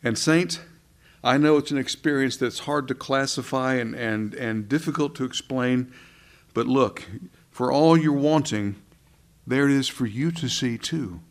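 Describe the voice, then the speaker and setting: Male preacher, mid-range voice, earnest, conversational sermon style, soft moments then emphatic ones. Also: mid-range voice, unhurried. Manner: conversational, asks the congregation questions.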